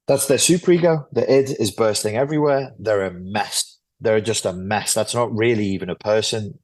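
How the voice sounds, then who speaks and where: A man with a fairly low voice talks through a psychology topic as an interview guest. He lectures bluntly, swears casually and keeps the explanation rolling. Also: moderate pace. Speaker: guest author and YouTuber.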